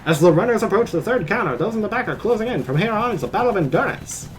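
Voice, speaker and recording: A man's voice: sits high, expressive, fast talker, slight background noise, pitched above the performer's own voice, rough recording. A man voicing an old-fashioned male race announcer in a theatrical transatlantic voice while reading game text on a stream. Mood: excited.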